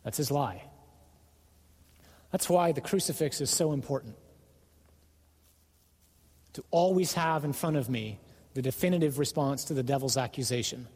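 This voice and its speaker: A man's voice: mid-range voice, normal speed, long pauses, darkish tone, slightly rough, big-room sound. A man preaching a sermon, earnest and emphatic, sometimes acting out the devil's voice.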